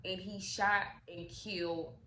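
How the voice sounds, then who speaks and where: A woman telling a movie's story in a casual, animated, profane way, acting out the characters' lines. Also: on the low side, slow. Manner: animated, profane, acts out quotes. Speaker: storytime vlogger. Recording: echoey room with faint noise.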